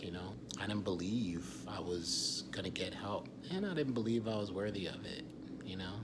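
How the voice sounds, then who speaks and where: A man in his forties, an actor and writer, speaks candidly in a confessional vlog, raw and intense, often sinking to a hushed whisper and swearing freely. His voice sits lowish, and the background is noisy.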